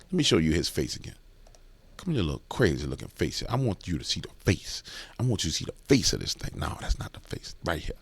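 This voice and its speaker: A man's voice: sits low, very animated, quick pace, breathy edge, dry recording. Fired-up man ranting in a dry close recording. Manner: emphatic, repetitive, gets worked up. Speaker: political commentator. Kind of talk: heated commentary rant.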